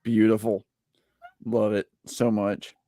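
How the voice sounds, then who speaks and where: Jokey male host, low voice, dry close mic. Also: level tone, takes it slowly, mellow, dry recording. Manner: playful, jokey, puts on accents. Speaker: podcast host. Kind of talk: casual chat.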